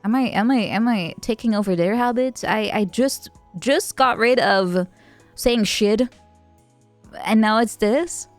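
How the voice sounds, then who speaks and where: Rambling young woman streamer, halting chat. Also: on the high side, no room sound, faint music behind. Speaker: VTuber streamer. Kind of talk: casual chat answering viewer messages.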